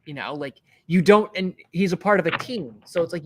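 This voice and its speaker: A man's voice: sits high, brisk, slight background noise. A man streaming, talking casually and rambling about his tabletop character, swearing now and then. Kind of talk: casual chat.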